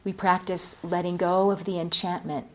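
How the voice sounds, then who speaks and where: A woman's voice: fairly low pitch, little pitch movement, normal speed. A woman meditation teacher giving a dharma talk at a retreat center, reflective and telling a story. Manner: reflective, storytelling, many fillers.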